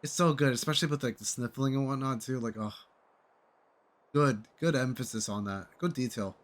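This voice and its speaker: A man streaming a video game, chatting casually and reacting out loud to the story. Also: medium pitch, moderate pace. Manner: chatty, reactive, lots of "like" fillers. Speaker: gaming streamer. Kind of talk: casual playthrough reaction commentary.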